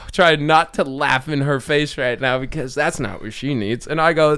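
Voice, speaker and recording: Dude on a podcast telling a crazy work story, smooth clear voice, keeps cracking up. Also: male voice, medium pitch, unhurried, few pauses. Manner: animated, laughing storyteller who acts out the people in his stories. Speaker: podcast host. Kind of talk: casual storytelling chat.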